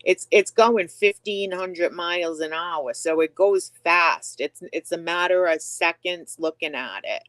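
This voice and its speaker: Halting speaker full of fillers. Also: medium pitch, fairly bright tone, dry recording. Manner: halting, filler-heavy talk. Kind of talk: casual chat.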